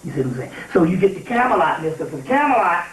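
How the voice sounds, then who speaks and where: A man's voice: sits high, quick pace. Give me an emphatic man lecturing to an audience, recorded from far off in a roomy hall. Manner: animated and emphatic, often asks "you see what I'm saying?". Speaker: spiritual lecturer. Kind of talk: informal lecture to a live audience. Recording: echoey room, taped from far off.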